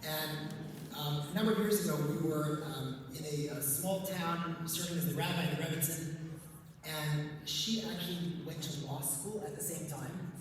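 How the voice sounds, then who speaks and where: A man's voice: on the high side, normal speed, slight background noise. Man giving a talk in an echoey hall. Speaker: rabbi and speaker on couples. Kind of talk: conference talk with a story. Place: large event hall. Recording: echoey hall, distant mic.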